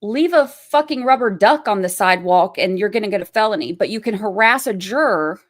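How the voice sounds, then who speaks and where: This is a woman hosting a livestream with heated, hard-edged commentary. She speaks bluntly and swears freely. She hammers her points home by saying them twice, in a voice of ordinary middle pitch. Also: animated, brisk. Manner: blunt, profane, repeats her points for emphasis. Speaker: channel host.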